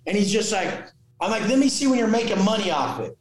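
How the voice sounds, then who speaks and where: Fiery, high-pitched profane man, echoey room. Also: lively intonation, fast. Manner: forceful, swearing constantly, acts out quoted people. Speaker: podcast guest, fitness and motivational coach. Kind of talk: intense profane motivational talk.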